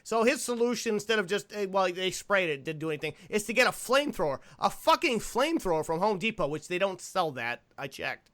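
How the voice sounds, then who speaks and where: A young man hosting a podcast, chatting casually about a movie in an animated, rambling way and laughing easily. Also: high voice, fairly quick, few pauses. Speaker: podcast host.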